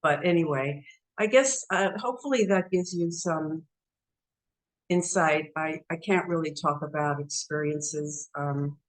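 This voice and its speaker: A woman telling a personal story in a casual, halting way, repeating herself and playing down her own words. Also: deep voice, low-quality recording. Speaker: devotee sharing a story.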